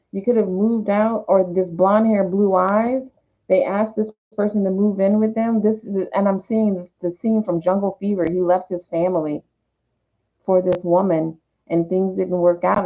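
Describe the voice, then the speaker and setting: A woman reading tarot, voicing the cards' messages in first person and then explaining them. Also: on the low side. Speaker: tarot reader. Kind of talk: channeling tarot card messages. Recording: tinny phone-like sound.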